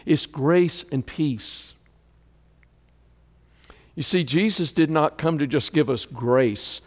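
Guy preaching a sermon, kinda high voice, big hall echo, goes loud then quiet and prayerful. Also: slow, long pauses. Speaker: pastor. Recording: long hall reverb.

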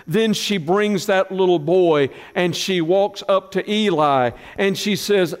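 A middle-aged man preaching a sermon, telling stories with feeling and dropping to a hushed, tender voice at moving moments. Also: high voice, slow pace, few pauses, clean tone, in a large hall. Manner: storytelling, emotional, softens to a hush in tender moments. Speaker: pastor.

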